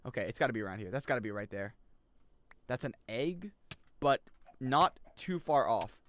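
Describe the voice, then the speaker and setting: A man's voice: medium pitch, normal speed. A man streaming a video game, chatting with viewers and joking as he plays. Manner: excitable, jokey, reacts loudly and reads chat aloud. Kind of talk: live gaming commentary.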